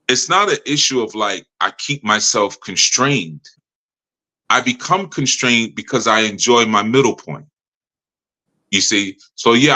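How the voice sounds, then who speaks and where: Man, low pitch, bright forceful tone, spiritual teacher, slips into mimicked voices. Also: poor audio. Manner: acts out other people's voices in quick quoted asides. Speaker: spiritual teacher leading a live study session. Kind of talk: live teaching with a call-in participant.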